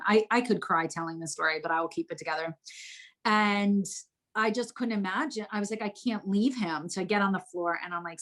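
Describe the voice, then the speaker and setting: A middle-aged woman from New Jersey, a guest telling her life story in a candid, expressive way, with casual swearing, from her home. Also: mid-range voice, brisk.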